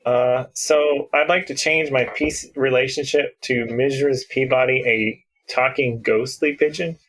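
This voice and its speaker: A man's voice: mid-range voice, steady tone, unhurried, fairly bright tone, rough recording. A man playing in a tabletop role-playing game over a video call, playful and chuckling between remarks. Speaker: player. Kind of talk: casual table talk, joking.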